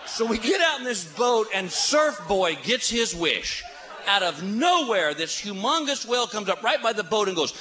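Male stand-up comic, sarcastic and exasperated, high and animated, noisy live set. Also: moderate pace. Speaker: stand-up comedian. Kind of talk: stand-up comedy. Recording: noisy live comedy recording.

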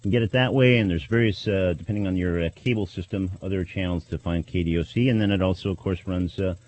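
A man's voice: low voice, quick pace, darkish tone, lo-fi sound, a little hiss or hum. A man hosting a college radio talk show, announcing with frequent hesitations and fillers. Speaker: radio host.

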